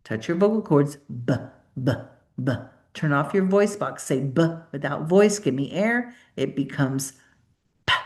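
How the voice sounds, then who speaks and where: A woman's voice: sits low, lively intonation, normal speed, hardly any pauses, darkish tone. A middle-aged woman whose first language is Spanish gives a conference presentation, demonstrating speech sounds aloud and coaxing listeners to repeat them. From Spanish-speaking.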